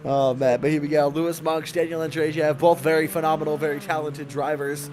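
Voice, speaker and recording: A young Canadian man commentating a virtual drift event, joking between runs and shouting during battles. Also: a little high, little pitch movement, a little fast, over music. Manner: playful, hype bursts during battles. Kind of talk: live sim-racing commentary.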